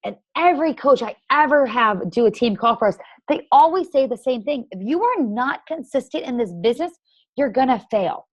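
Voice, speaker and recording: A woman's voice: high-pitched, animated, moderate pace, no room sound, dull audio. Brief: woman team leader, blunt and emphatic, casual motivational talk, dry close sound. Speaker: team leader of fitness coaches.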